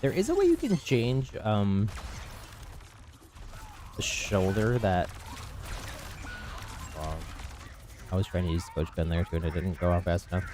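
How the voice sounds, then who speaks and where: A man's voice: deep voice, big pitch swings, measured pace, long pauses, a little mellow, slight background noise. A man casually commenting on his gameplay live, chatty and easygoing, laughing at himself, on a desk mic. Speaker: streamer playing with viewers.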